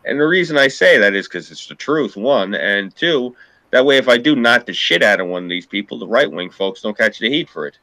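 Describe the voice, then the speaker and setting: A man's voice: mid-range voice, expressive, brisk, pushed and bright, no room sound. A man with a New York accent in a casual political chat, talking bluntly and with plenty of profanity.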